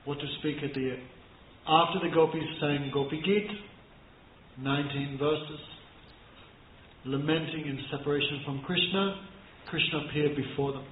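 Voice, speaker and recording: Man teaching a scripture class, fairly high voice, storytelling, echoey room, tinny phone-like sound. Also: steady tone, normal speed, long pauses, a little hiss or hum. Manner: storytelling, chants verses, laughs softly. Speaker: spiritual teacher. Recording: echoey room over thin phone-like line.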